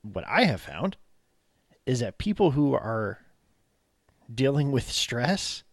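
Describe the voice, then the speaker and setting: A man's voice: medium pitch, big pitch swings, slow, dry recording, clean studio sound. A man co-hosting a podcast chats casually, reflecting and bantering with his co-host. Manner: chatty, reflective banter with laughs. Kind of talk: casual chat.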